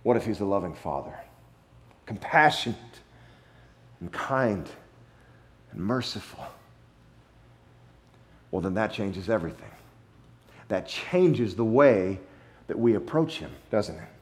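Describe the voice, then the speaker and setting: Lively, emphatic male preacher. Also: fairly low pitch. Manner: emphatic preaching with dramatic pauses and repetition; playful, acts out wrong versions for effect. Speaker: pastor. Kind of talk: sermon.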